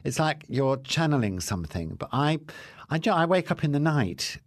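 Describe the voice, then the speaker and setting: A man's voice: on the high side, big pitch swings, normal speed, no room sound. A man, a guest comedian and author, chatting casually in an interview with camp, dry innuendo.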